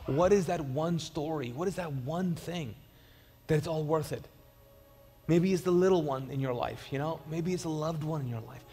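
A man's voice: on the high side, normal speed, warm tone, long reverb tail. A man preaching a sermon as pastor, conversational and storytelling, with frequent restarts and repeated words. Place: church auditorium.

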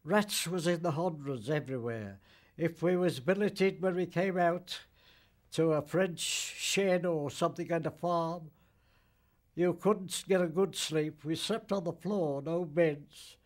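A man in his nineties, a veteran, recounting memories in an interview, halting and plain-spoken with dialect grammar. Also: a little high. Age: 90s. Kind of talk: recollection interview.

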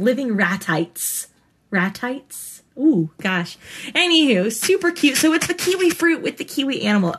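A woman's voice: fairly high pitch, a bit bright. A woman hosting her own channel, chatting casually and rambling as she unboxes stickers at her home desk, gushing over the cute ones. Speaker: planner vlogger and host. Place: home desk in front of a computer.

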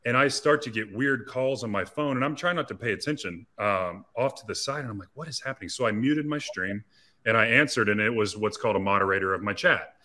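A man's voice: fairly low pitch, a little fast, pushed and bright. A man in his thirties, an athlete and interview guest, telling a personal story in an earnest, confessional way with frequent restarts.

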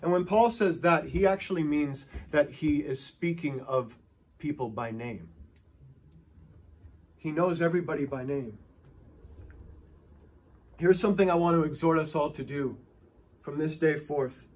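A man preaching a sermon as pastor in a church, impassioned and exhorting, at times acting out excited stuttering. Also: a little high, unhurried, long pauses, slightly rough.

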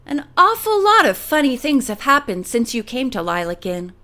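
A woman's voice: high voice, sing-song, normal speed, bright, forceful tone, exaggerated voice. A woman reading the part of a hostile, sarcastic young woman in an audiobook.

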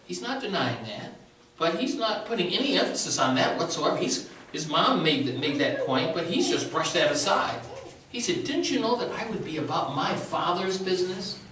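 A man's voice: fairly high pitch, big pitch swings, moderate pace, noisy background. A male pastor preaching a sermon in a conversational way with a sore throat, often checking in with the congregation. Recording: very echoey room, distant mic.

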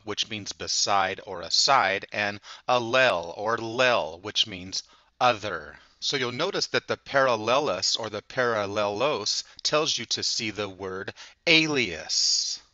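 A man giving a measured, lecturing monologue that explains where words come from. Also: lowish voice, bright, forceful tone, no room sound. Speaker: channel host. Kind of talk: explanatory monologue on word origins. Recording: dull lo-fi recording.

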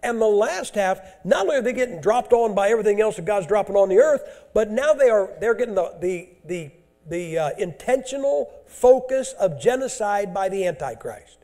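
A man's voice: high voice, animated, normal speed, dark tone. A man preaching a sermon in a church, blunt, emphatic and folksy.

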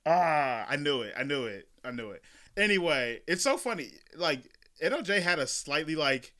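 A man hosting a reaction video, excitable and chatty, often repeating his phrases. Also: on the high side, moderate pace. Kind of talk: casual reaction commentary. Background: rap music playing.

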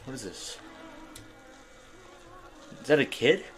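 A young man playing a horror game demo and talking through it, jittery and swearing, yelling when startled. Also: mid-range voice, very animated, takes it slowly, music in the background. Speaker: gaming YouTuber. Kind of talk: horror game let's play commentary.

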